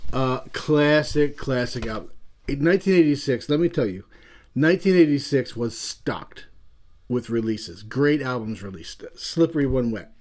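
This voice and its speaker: A man's voice: mid-range voice, lively intonation, normal speed, darkish tone. Man, Philadelphia accent, chatty channel host, rambling, self-amused. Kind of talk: casual video commentary on an album.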